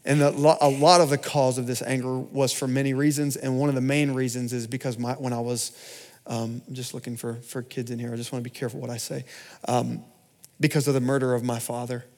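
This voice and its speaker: A man giving a personal sermon testimony in church, storytelling with big swings between loud and hushed delivery. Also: medium pitch, little pitch movement, fairly quick. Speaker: pastor.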